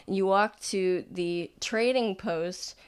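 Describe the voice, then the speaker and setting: A woman's voice: mid-range voice, slow, clear, resonant tone. A woman narrating a tabletop game as game master, in a rambling, filler-heavy way.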